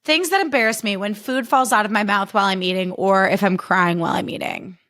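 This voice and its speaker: A young woman hosting a casual solo podcast, chatty and animated, poking fun at herself. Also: medium pitch, a little fast. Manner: chatty, animated, self-deprecating, jumps into funny voices. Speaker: podcast host.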